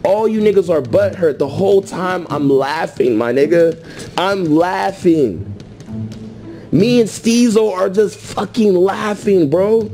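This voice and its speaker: A young man trash-talks on his stream, boastful and mocking, with laughs between his jabs. His voice sits fairly high and he takes his time. Faint music plays underneath. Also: slow, mellow. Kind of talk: trash-talking reaction stream.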